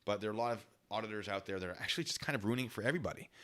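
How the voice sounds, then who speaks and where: A man hosts a casual livestream in a rambling, chatty way. His voice is bright and forceful, sitting a little low in pitch. He keeps breaking off to thank viewers by name for their donations. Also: rapid-fire. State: a little out of breath. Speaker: livestream host.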